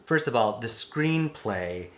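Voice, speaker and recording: A man's voice: medium pitch, animated, slow, a bit bright, a little hiss or hum. Opinionated man in an echoey room. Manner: opinionated, references older films. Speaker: film review podcast co-host. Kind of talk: casual chat.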